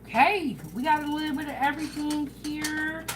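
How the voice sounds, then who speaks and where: A woman hosting a casual home cooking vlog, chatting in a relaxed way and talking straight to her viewers. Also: high voice, normal speed, noisy background. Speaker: home cooking show host. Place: home kitchen.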